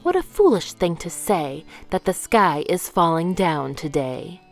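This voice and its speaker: A woman voicing a boastful male fox from a children's storybook, who yelps in a high voice when he panics. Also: sing-song, unhurried, soft background music. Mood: smug.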